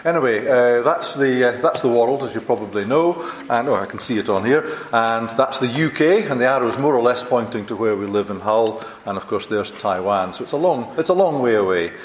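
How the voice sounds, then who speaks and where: A man's voice: mid-range voice, lively intonation, a little hiss or hum. Older Scottish man lecturing in an echoey hall. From Scotland. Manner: chatty, self-deprecating, halting with many restarts. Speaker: visiting university lecturer. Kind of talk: conference keynote talk.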